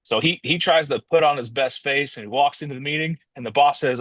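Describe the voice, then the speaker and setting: Man, motivational storytelling, casual rambling delivery, mid pitch, dry close recording. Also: moderate pace, a bit bright, dry recording. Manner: casual and rambling, restarts often, addresses listeners as guys.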